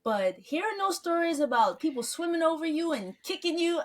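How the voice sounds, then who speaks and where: Soft-spoken woman hosting a podcast. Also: extremely high pitch, big pitch swings, a little fast. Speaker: podcast host. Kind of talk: casual interview.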